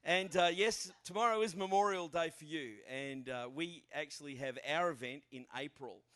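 A man's voice: on the high side, normal speed, sharp tone. Chatty Australian man preaching. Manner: chatty, self-deprecating, frequent fillers. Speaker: guest pastor. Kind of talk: informal sermon. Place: church.

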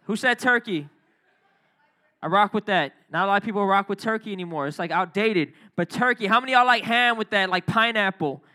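A young adult man preaching a sermon, energetic and playful, calling out to the congregation. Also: sits high, a little fast. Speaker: pastor.

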